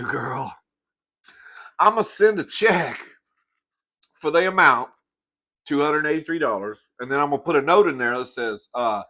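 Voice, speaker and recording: A man's voice: on the high side, animated, normal speed, long pauses, sharp tone. A man hosting his own show, ranting to the camera in a sassy, profane way while eating. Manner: sassy, profane, calls listener "girl". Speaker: host. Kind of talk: comic rant to camera.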